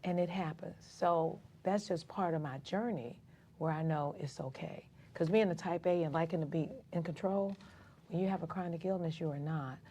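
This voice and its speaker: A woman's voice: deep voice, normal speed. A woman from Atlanta, a community activist, telling her own story in a casual interview and acting out the voices of other people. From Atlanta, Georgia. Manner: animated storyteller who acts out dialogue.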